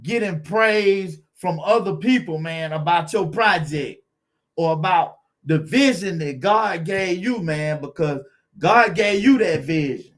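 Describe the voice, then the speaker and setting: Slow, high-voiced man hosting a live stream. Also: a bit bright. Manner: laid-back, encouraging, greets chat by name, says "man" often. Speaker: car channel host. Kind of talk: live stream chat with viewers.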